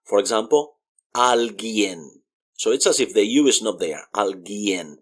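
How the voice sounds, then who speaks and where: A man with a slightly husky voice leads a beginners' language lesson. His pitch swings lively as he sounds out letters and repeats each example word with care. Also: fast. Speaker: Spanish teacher.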